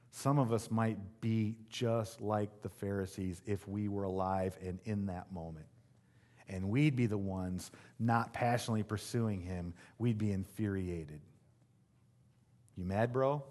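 A man's voice: on the low side, darkish tone. A male pastor preaching a sermon in a conversational, emphatic way, with asides to the congregation.

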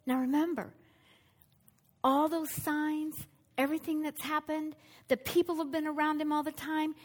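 A woman's voice: high-pitched, level tone, moderate pace. A woman preaching a sermon, telling a story with energy and putting questions to her listeners.

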